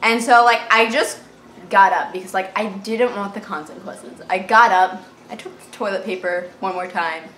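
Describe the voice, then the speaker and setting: A fifteen-year-old girl telling a storytime vlog, animated and dramatic, full of "like" fillers, recorded on a camera mic in a bedroom. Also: mid-range voice, normal speed. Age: teens. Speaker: vlogger. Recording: echoey room with faint hiss.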